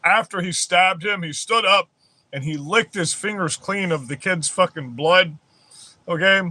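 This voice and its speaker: A man's voice: high-pitched, measured pace, bright, forceful tone. A man ranting on his vlog in a heated, rambling way, swearing constantly. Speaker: vlogger. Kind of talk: profane political rant.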